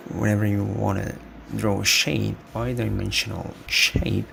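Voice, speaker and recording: A man giving an unhurried screencast coding tutorial, explaining step by step with frequent restarts. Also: fairly low pitch, level tone, vocal fry, noisy background. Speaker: web development tutor.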